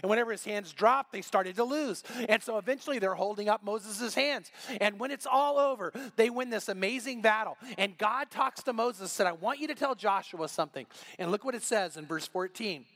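Casting: middle-aged male pastor, higher voice, animated sermon storytelling. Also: moderate pace.

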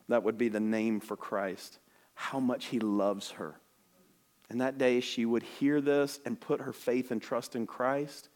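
A man preaching a sermon as a missionary, telling a story earnestly and often dropping to soft, hushed tones. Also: medium pitch. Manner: frequent restarts and repeated words.

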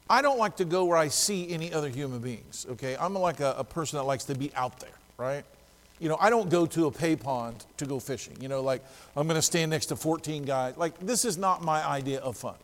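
A male pastor preaching a sermon, telling a story lively and acting out the dialogue. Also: high voice, big-room sound.

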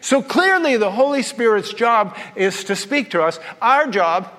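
A man with a high voice delivers a sermon as pastor, mixing scripture with lively stories and humorous asides. His voice rings out with a long reverb in a church hall. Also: a little slow.

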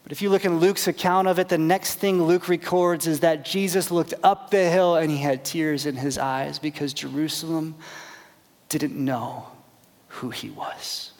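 A male pastor preaching a sermon, with dramatic swings from loud emphasis down to near whispers. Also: fairly high pitch, fairly even intonation, normal speed, big-room sound.

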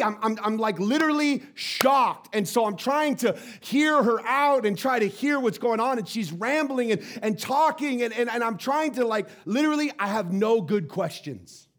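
Pastor, male, high voice, animated sermon storyteller who stammers and repeats. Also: normal speed, hardly any pauses.

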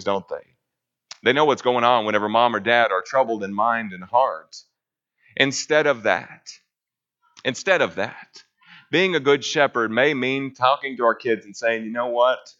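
A man's voice: medium pitch, sharp tone, lo-fi sound. A man preaching a sermon in a conversational way, often asking rhetorical questions.

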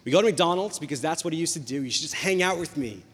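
A young man preaching a sermon, telling a personal story in a lively, conversational way. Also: fairly high pitch, rapid-fire, husky. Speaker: pastor. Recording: long hall reverb.

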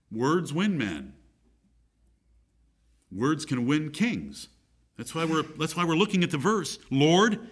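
A man's voice: sits high, fairly bright tone. A middle-aged man preaching a sermon, reading scripture aloud and repeating key phrases for emphasis.

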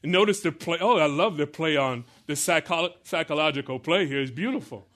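A pastor preaches a sermon at normal speed, reading scripture aloud and explaining it verse by verse. He swings between loud, emphatic pleading and soft, low explanation.

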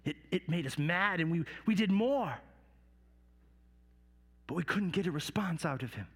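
A man's voice: high-pitched, lively intonation, slightly rough, big-room sound. Brief: male performer as a remorseful soldier, first-person dramatic storytelling. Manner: storytelling with hushed dips and halting repeats. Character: remorseful Roman soldier telling his story.

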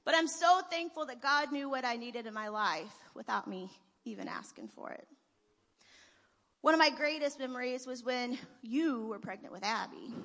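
A church member's testimonial rings out with the long reverb of the sanctuary hall. Her voice is fairly high and fairly bright, and she gives this heartfelt tribute emotionally, laughing between phrases.

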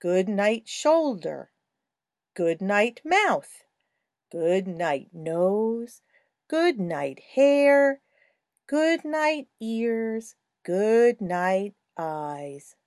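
A woman giving a slow, scripted language lesson in a clear, sing-song teaching voice. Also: a little high, sing-song, a little mellow, no echo, studio quality.

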